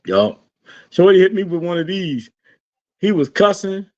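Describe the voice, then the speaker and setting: Podcast co-host, man, fairly high voice, lively, swears freely, lo-fi sound. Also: unhurried. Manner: animated storytelling, swearing, laughing often. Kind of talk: casual chat. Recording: dull lo-fi sound.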